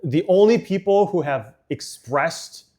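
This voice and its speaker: A man streaming casual chat while building a model set, rambling with frequent fillers and quick laughs. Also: high-pitched, expressive, a little mellow.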